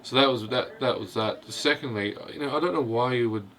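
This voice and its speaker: A man's voice: medium pitch, brisk, fairly bright tone, a little hiss or hum. A man casually reviewing a film, hesitant and rambling, with constant "you know" fillers. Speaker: host of a film review video.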